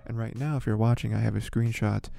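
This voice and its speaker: A man's voice: lowish voice, fairly even intonation, fast talker, gravelly, mellow. A young man hosting a podcast, talking in a rambling, filler-heavy, exasperated way. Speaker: podcast host. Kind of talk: casual commentary.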